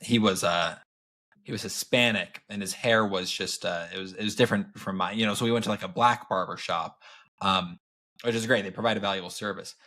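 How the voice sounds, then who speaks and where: A man in his thirties co-hosting a podcast, telling stories in an animated way and laughing often. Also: lowish voice, brisk. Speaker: podcast co-host. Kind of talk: casual chat.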